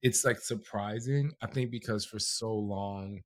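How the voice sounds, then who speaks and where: A man's voice: lowish voice, steady tone, a little slow, no room sound. A man in his thirties talking with his husband in casual, heartfelt chat, full of "like" fillers. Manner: heartfelt, many "like" fillers, voice cracking with emotion. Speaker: podcast co-host, married to the other speaker.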